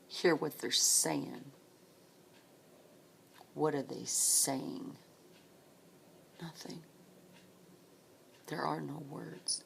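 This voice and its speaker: A woman telling her own story of supporting grieving people, speaking softly and often dropping to a whisper, tearful at times. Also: low-pitched, steady tone, extremely slow, gravelly, pauses often. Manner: soft, hushed, often breaking into a whisper. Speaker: grief support volunteer. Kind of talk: personal storytelling.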